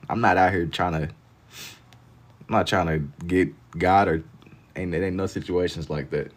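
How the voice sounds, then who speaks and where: A man's voice: deep voice, fairly even intonation, measured pace. A man chatting casually on a livestream while he draws, reading out viewer comments in a laid-back, slangy way and laughing easily. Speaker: livestreamer drawing on stream.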